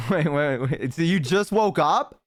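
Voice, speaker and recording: Excitable young male streamer, dry close mic. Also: unhurried, no echo. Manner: excitable, swears a lot, jumps to high-pitched outbursts. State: has the hiccups. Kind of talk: casual stream chat with a friend.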